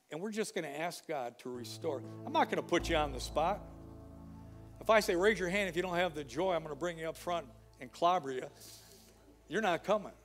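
A middle-aged man preaching a sermon as pastor, mixing conversational asides with rising fervor. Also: a little high.

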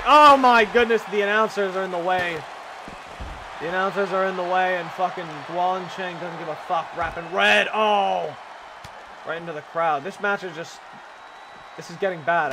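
Hyped, profane young male game commentator. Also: high voice. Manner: profane, hyped, shouts at big moves. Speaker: gaming commentator. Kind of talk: excited play-by-play commentary. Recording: loud game crowd noise behind. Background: video game crowd and noise.

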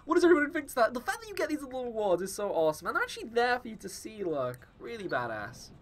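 A man hosting a gaming video, giving excited let's-play commentary in a gushing, excitable way. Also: very high voice, fast talker. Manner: gushing, excitable, laughs often.

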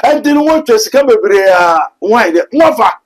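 A Ghanaian man with a high-pitched voice preaches his answers with fervor. He speaks as a pastor, calling out with force and urgency. His voice sits well above most men's. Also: expressive, normal speed, rough recording. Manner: fervent, switches to loud exhortation.

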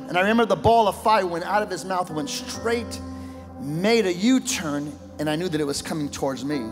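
High-voiced preacher in an echoing church. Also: male voice. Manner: dramatic storytelling, swings from hushed to shouting. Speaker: pastor. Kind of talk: sermon. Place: church sanctuary. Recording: church hall reverb with music.

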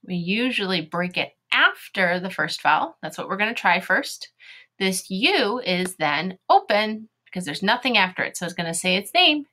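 A woman's voice: mid-range voice, very animated, normal speed, sharp tone. A woman teaching a phonics video lesson, sounding out letters and syllables one by one and asking her young learners encouraging questions.

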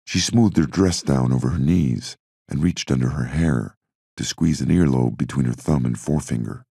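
Male audiobook narrator: steady reading, extremely low and raspy. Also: normal speed, dry recording, clean studio sound.

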